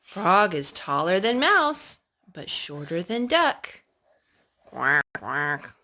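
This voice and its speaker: Animated woman reading a picture book aloud. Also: medium pitch, slow pace. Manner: gentle, animated storytelling. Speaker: parent reading to her child. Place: at home indoors.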